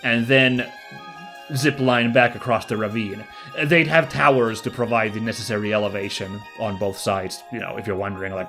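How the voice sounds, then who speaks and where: A man's voice: lowish voice, steady tone, moderate pace, sharp tone, faint music behind. A man casually commenting while playing through a video game, rambling and joking as he goes. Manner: chatty, rambling, jokey. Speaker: let's play host.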